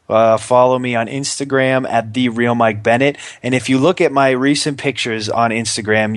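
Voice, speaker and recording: A young man co-hosts a podcast in loose, joking chat, full of fillers as he plugs his pages. His voice sits at a middle pitch. The recording is dry and close. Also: dry recording. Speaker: podcast co-host. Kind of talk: casual chat.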